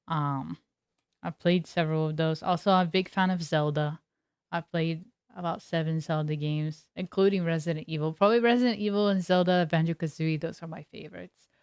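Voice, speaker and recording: A woman's voice: sits low, a little mellow, smooth, dry recording, clean studio sound. A young adult woman streaming as a variety streamer, chatting casually with her viewers in a rambling, talkative way and laughing often. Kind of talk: casual chat with live viewers.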